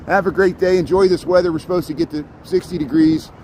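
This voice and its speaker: A man's voice: high-pitched, fairly even intonation, fast talker, a little mellow, slight background noise, poor audio. Chatty middle-aged man streaming while walking. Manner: rambling, chatty, greets viewers by name. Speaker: live-streaming walking vlogger. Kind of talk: casual live-stream narration. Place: outdoors on a city street. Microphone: phone held while walking.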